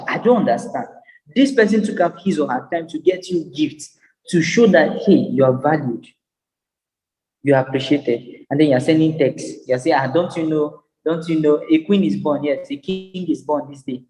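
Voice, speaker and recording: A male business psychologist delivers a motivational lecture, emphatic and repetitive with a preacher-like cadence. His voice is fairly high and warm, and the recording carries long hall reverb.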